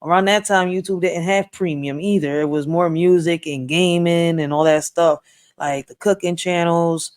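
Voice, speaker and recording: A reaction host, talking in a loose, profane, excitable way. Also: mid-range voice, moderate pace, clean tone, no room sound, studio quality. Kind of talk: casual reaction commentary.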